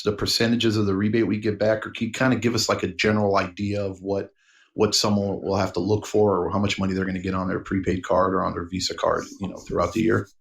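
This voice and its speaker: A man's voice: on the low side, creaky. A man co-hosting a podcast who asks long, loosely worded questions. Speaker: podcast co-host. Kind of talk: casual podcast interview.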